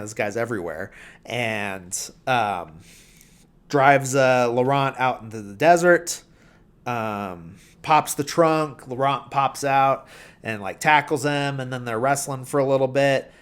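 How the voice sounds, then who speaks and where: Male podcast host, slow, casual film recap, rambling with fillers. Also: mid-range voice, smooth. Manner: rambling, filler-heavy, drops into quiet mumbled quotes.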